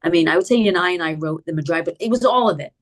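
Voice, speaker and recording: Animated middle-aged woman, low voice. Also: very fast. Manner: animated, acts out quoted dialogue with big pitch jumps; frequent "like" and "you know" fillers. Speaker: guest. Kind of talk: personal storytelling in an interview.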